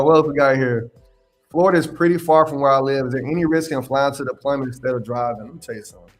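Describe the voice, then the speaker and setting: A young man hosting a casual livestream Q&A as a mentor. He talks in an animated, slangy way, laughs often and repeats his phrases. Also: medium pitch. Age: young adult. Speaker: independent adjuster mentor hosting a live Q&A.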